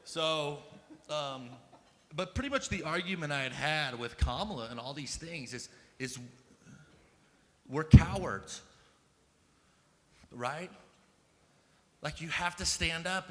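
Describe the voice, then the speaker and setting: This American man in his thirties has a somewhat high, sharp-toned voice and speaks at a normal pace while telling a personal story at a conference. His style is casual and profane, full of "like" and "um" as he becomes emphatic, and the big hall lends long reverb and faint ambience.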